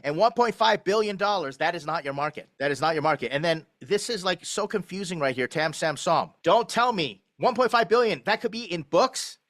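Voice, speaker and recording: A middle-aged man reviewing a startup pitch deck in a live online session, blunt and emphatic as he critiques and teaches. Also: animated, moderate pace, hardly any pauses, fairly bright tone.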